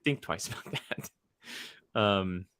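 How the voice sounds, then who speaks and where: A young man co-hosting a casual fan podcast, excitable and teasing as he talks. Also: low voice, slow pace, smooth, dry recording, studio quality. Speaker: podcast co-host.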